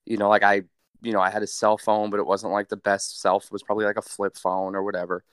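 A young man telling a story in a casual, animated, profane way, with deadpan asides. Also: fairly low pitch, fast, clean tone, no room sound, studio quality. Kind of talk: casual story told to a friend.

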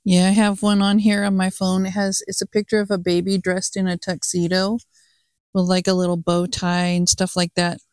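A woman's voice: on the low side, level tone, normal speed, darkish tone, no echo, studio quality. A woman co-hosting a podcast, reading out memes in an easygoing, giggly way. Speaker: podcast co-host. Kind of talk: casual chat, reading memes aloud.

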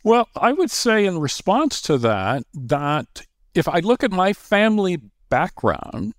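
A man who is a guest author, explaining his views in a measured, lecturing way. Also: high-pitched, big pitch swings, no room sound, clean studio sound. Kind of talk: interview conversation.

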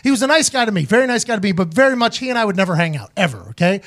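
A man's voice: sits high, racing. A man hosting a casual podcast, telling stories with lots of swearing and acting out quoted voices along the way. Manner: profane, animated storyteller doing quoted voices. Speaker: show host, former punter.

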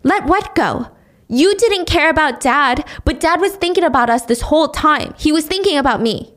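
Woman doing a young woman around 25, upset daughter, pleading, high voice. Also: expressive, normal speed, fairly bright tone. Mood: angry.

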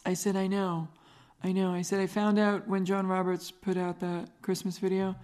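A woman's voice: medium pitch, little pitch movement, normal speed, warm tone. Chatty middle-aged woman with an accent. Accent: regional American. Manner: chatty storyteller, laughs often. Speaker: podcast host. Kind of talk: casual chat.

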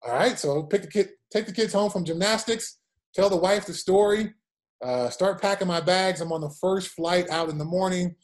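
A man's voice: high voice, normal speed. A man in his forties, a former football player, telling stories in an interview and acting out quotes. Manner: animated anecdotes with acted-out quotes. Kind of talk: storytelling interview.

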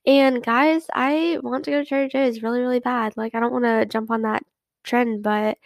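A woman's voice: fairly high pitch, steady tone, brisk, gravelly, no echo. A young woman hosting a casual solo podcast, chatty and rambling, full of fillers and restarts. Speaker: podcast host.

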